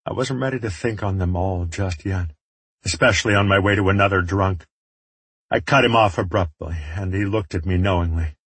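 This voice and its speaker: A man narrates a first-person audiobook in a low, very husky voice. His delivery is wry and reflective, and the close, dry recording has no room sound. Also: moderate pace, a bit bright, no room sound.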